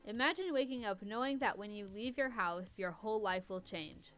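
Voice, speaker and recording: A woman podcast host reads an amateur story aloud in a smooth, clear voice. She keeps stopping for wry, teasing remarks about the writing. Faint music plays underneath. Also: mid-range voice, normal speed, a bit bright. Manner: wry, stops to mock the writing. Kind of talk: casual reading with running commentary.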